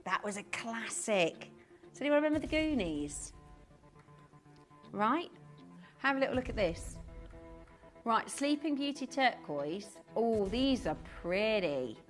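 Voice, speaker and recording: A woman's voice: a little high, big pitch swings, takes it slowly, long pauses, faint music behind. A woman presenting on a live shopping channel in a chatty way, full of rhetorical questions. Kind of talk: live TV selling chat. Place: TV studio.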